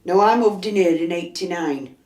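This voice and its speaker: A woman's voice: fairly low pitch, normal speed. Chesty older Yorkshire woman telling a tale. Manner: lively storyteller acting out quoted dialogue. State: chesty cough. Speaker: resident interviewee. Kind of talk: storytelling interview. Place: inside a house. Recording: roomy echo.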